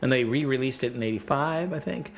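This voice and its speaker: A man telling gaming stories in a casual chat, rambling and animated, often breaking into quoted voices. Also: medium pitch, fairly quick. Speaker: podcast guest.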